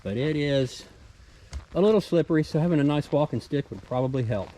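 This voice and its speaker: A man's voice: on the high side, expressive, brisk, warm tone, a little hiss or hum, rough recording. Easygoing Southern man on a trail. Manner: easygoing, enthusiastic about small finds. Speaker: hiking vlogger. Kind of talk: casual outdoor narration. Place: outdoors on a forest trail.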